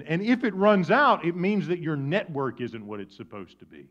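A man preaching a sermon with dramatic swings from loud emphasis down to a hushed near-whisper. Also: on the high side, lively intonation, moderate pace, few pauses. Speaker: pastor. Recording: dull lo-fi sound.

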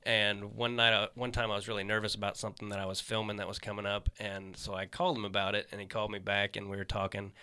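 Comic guy hosting a chat, super bright voice, swears a lot, animated stories. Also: on the low side, quick pace, hardly any pauses, smooth. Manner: animated storyteller, swears freely, acts out quotes. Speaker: podcast host, stand-up comedian. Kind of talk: casual chat.

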